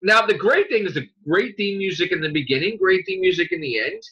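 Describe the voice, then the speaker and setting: A man's voice: sits high, lively intonation, fairly quick, bright, forceful tone. A man co-hosting a casual fan podcast, ranting with lots of fillers, restarts and swearing. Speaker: podcast co-host. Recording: dull lo-fi podcast audio.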